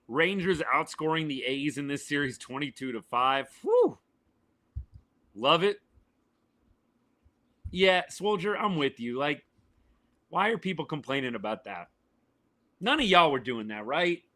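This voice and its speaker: A man, his voice worn and going hoarse, chatting casually as a podcast host reacting live to a baseball game and answering viewers. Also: a little high, expressive, measured pace, long pauses, bright, forceful tone. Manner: chatty, answers chat viewers by name, says y'all. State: voice worn and failing, a little quieter than usual.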